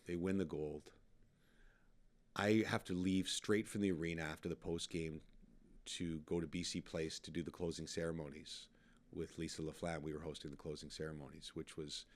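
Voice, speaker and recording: A middle-aged man from Canada, a podcast guest telling animated anecdotes and laughing at himself. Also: very deep voice, moderate pace. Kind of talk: casual storytelling.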